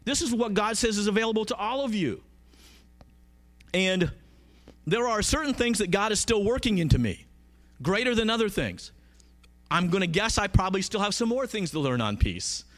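Man, preacher, high voice, very lively pitch, conversational sermon, emphatic, asks questions. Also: moderate pace, long pauses.

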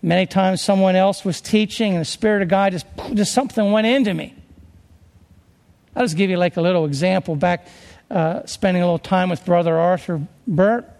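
A man's voice: high voice, vocal fry, darkish tone, long reverb tail. A man preaching a conversational sermon, rambling a little and restarting his sentences as he works through scripture.

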